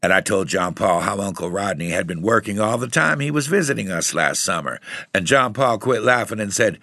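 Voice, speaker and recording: A man reading a story aloud in steady, even narration. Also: fairly low pitch, normal speed, gravelly, no echo, clean studio sound. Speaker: audiobook reader. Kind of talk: scripted narration.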